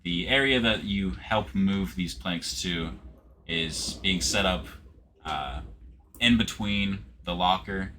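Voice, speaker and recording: Deep-voiced man running a tabletop game. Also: noisy background. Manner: relaxed narration with frequent uh fillers. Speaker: game master. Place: home setup streaming live.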